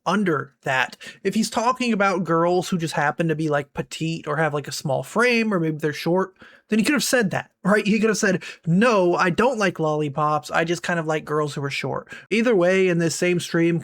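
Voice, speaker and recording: A man giving casual online drama commentary in a wry, rambling way, full of fillers. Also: fairly high pitch.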